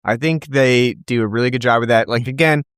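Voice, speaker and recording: Male podcast co-host, middle pitch, hedging delivery, dry close mic. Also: a little fast, a bit bright, smooth, no echo. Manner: thoughtful, hedging with many fillers. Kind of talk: casual film discussion.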